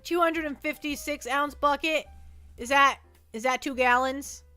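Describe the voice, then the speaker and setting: A woman's voice: high-pitched, a little slow, pushed and bright, faint music behind. A woman livestreaming from her desk at home, chatting playfully and rambling as she reads chat messages aloud.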